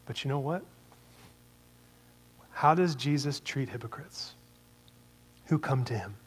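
A man's voice: mid-range voice, slow, husky, in a large hall. A man preaching a sermon in a conversational way, asking many rhetorical questions.

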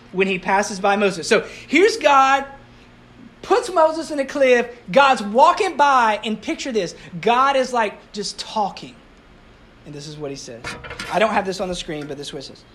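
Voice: medium pitch, expressive, measured pace, a bit bright. A pastor giving a sermon to a congregation in a conversational way, asking the audience rhetorical questions and mixing in light humor.

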